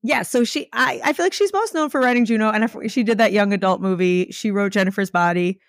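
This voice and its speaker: A woman's voice: mid-range voice, quick pace, no echo, studio quality. A woman co-hosting a podcast, chatting casually with many "like" fillers. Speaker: podcast co-host. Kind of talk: casual chat.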